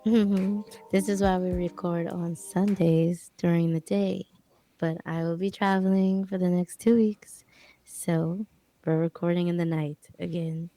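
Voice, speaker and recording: Podcast co-host, female, slow and low, relaxed tone. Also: no echo, faint music behind. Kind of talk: casual chat.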